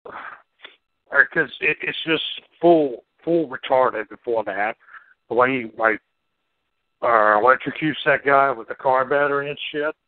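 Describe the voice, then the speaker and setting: A man in casual movie-talk mode, loose and rambling, swearing without a second thought. His voice sits at an ordinary pitch and comes through narrow and tinny, like a phone line. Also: unhurried, dry recording. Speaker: podcast co-host. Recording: tinny phone-like band-limited sound.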